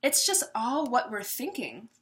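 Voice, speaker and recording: A woman's voice: a little high, very animated, unhurried, a bit bright. A woman giving a casual tarot reading to her viewers, chatty and laughing often, slipping into little voices as she talks things through. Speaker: tarot reader.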